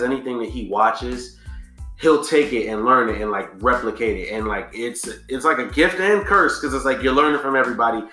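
A man co-hosting a podcast in casual chat, telling relaxed, slangy stories that often trail off and restart. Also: medium pitch, echoey room. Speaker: podcast co-host.

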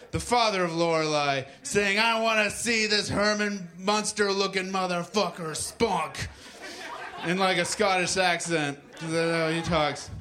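A man's voice: high voice, bright, forceful tone. A man reading comic fan fiction aloud to a comedy club crowd with mock drama.

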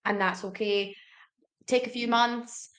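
A woman's voice: a little high, fairly even intonation, slow pace, fairly bright tone. Chatty young woman, casual podcast talk. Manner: chatty, many fillers, laughs easily. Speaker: podcast guest. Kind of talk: casual chat.

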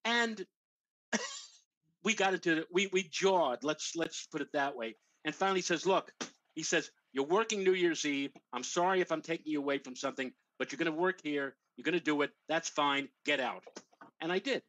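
A man's voice: fairly high pitch, moderate pace, no echo, low-quality recording. An older man, a weather show host, telling a long anecdote in casual chat and acting out the voices of the people in it. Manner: animated anecdote teller, acts out quoted voices.

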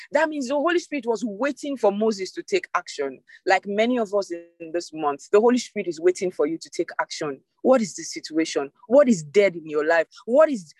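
A woman's voice: fairly high pitch, no echo. A woman preacher leading an online devotional, delivering an emphatic sermon over a video call, repeating key phrases for emphasis.

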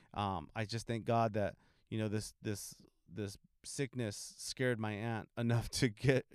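A young man from California who serves in a church ministry, telling a testimony in a relaxed, rambling way with many ums. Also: on the low side, clean tone, dry recording, clean studio sound. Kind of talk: casual testimony talk.

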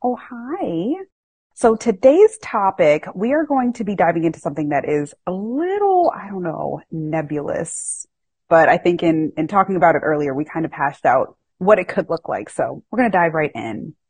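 A woman hosting a podcast, telling a story in a casual, animated, self-mocking way. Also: on the low side, moderate pace, husky, no echo. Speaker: podcast host.

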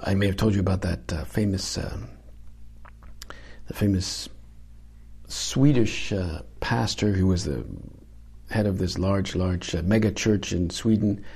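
A man preaching an informal homily in a conversational, halting way, with restarts and frequent dips into a whisper. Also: deep voice, fairly even intonation, vocal fry, darkish tone, husky.

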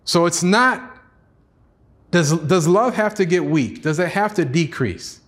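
Earnest male pastor preaching. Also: takes it slowly. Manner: earnest preaching, acts out God's pleading voice, rises high for excited lines. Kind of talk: sermon.

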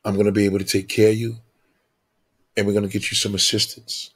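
A man playing a warm, welcoming male pastor who speaks kindly and calmly. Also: on the low side, fast, slightly rough.

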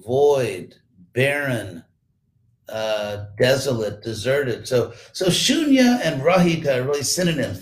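A man leads an online scripture class, walking through Sanskrit terms one word at a time. He speaks slowly and often repeats a word while he searches for the next. His voice sits at a mid pitch and carries a noticeable echo from the room. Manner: slow, explanatory, repeats words while thinking. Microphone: computer mic.

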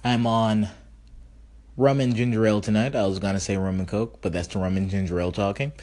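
A man's voice: fairly even intonation, fairly quick, darkish tone. A man hosting his own podcast, rambling and self-mocking with profanity, a little tipsy. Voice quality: slightly high, funny-sounding voice. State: slightly tipsy from drinks. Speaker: podcast host. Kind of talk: casual solo podcast monologue.

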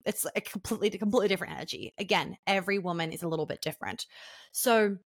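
A young woman talks casually on a podcast at an ordinary pitch, frank and chatty, now and then acting out the voices of people she quotes. Her voice is recorded close and dry, with no room sound. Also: racing, no echo. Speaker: podcast guest.

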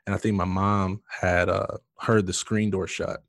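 A man with a fairly low voice tells his story earnestly, full of fillers and false starts. The sound is dry and close, with no room around it. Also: level tone, measured pace, no echo. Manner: earnest, emotional storytelling with many fillers and restarts. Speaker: guest sharing his testimony. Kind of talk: personal testimony in conversation.

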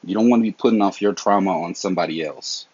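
Candid Southern man with a husky voice. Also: low voice, quick pace, a little mellow, no echo. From American South. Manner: candid, slangy, earnest. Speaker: podcast host. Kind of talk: casual solo podcast talk. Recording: dull lo-fi dry sound.

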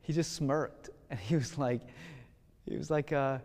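A man preaching a sermon with passion, swinging between loud pleading prayer and hushed, gentle speech. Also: fairly high pitch, wildly swooping pitch, a little slow, long reverb tail.

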